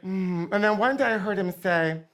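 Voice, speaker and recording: A middle-aged man hosting a comedy show, telling campy, gossipy stories to a live audience with deadpan punchlines. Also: sits high, normal speed, noisy background. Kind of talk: comic storytelling to a live audience.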